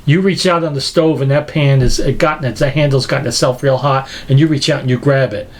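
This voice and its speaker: A man giving an animated lecture, emphatic and incredulous, acting out everyday examples as he goes. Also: medium pitch, brisk. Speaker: speaker teaching a lecture series.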